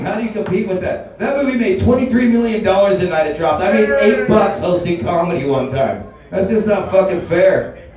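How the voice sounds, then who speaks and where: Profane rambling comic in an echoey bar. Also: male voice, high voice, darkish tone. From Alaska. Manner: loose, rambling, profane storytelling. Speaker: stand-up comedian. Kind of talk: stand-up comedy set. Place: bar open mic. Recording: echoey room, mic heard from a distance.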